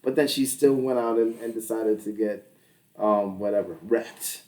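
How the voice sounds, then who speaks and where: A man's voice: fairly low pitch, moderate pace, darkish tone, far from the mic. Male podcast co-host, 30s, loose and profane, mimics others mid-story, recorded a bit off-mic. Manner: profane, rambling, laughs often, acts out little dialogues. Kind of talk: casual chat.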